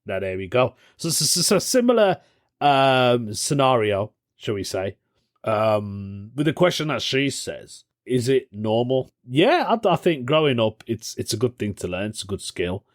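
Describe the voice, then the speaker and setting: A man's voice: medium pitch, very animated, unhurried, dry recording, clean studio sound. Jokey man hosting a podcast. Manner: jokey, laughs often, rambling asides. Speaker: podcast host. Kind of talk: casual chat.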